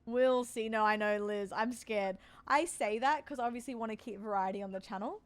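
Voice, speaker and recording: A woman's voice: on the high side, a little fast. An Australian woman in her forties, streaming and chatting casually with her viewers, teasing and joking as she answers chat. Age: 40s.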